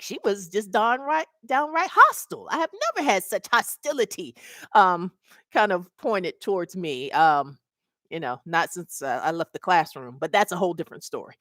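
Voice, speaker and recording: A woman's voice: lowish voice, fairly bright tone, no echo, studio quality. A middle-aged woman and mobile notary mentor, telling a story casually to her webcam and acting out the voices of the people in it.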